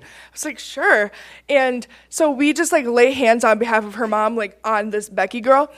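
A young woman from Michigan telling a personal testimony story, laughing often and getting excited as she talks. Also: a little high, unhurried. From Michigan, USA. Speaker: campus ministry team member.

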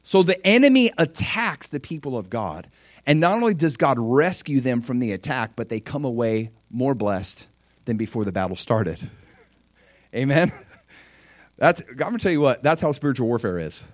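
A man preaching a sermon, lively, acting out prayers and quotes. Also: medium pitch, normal speed, no echo. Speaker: pastor.

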